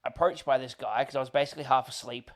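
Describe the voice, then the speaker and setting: A man's voice: medium pitch, fast. An Australian man telling a loose, rambling story as an interview guest, full of fillers and little laughs.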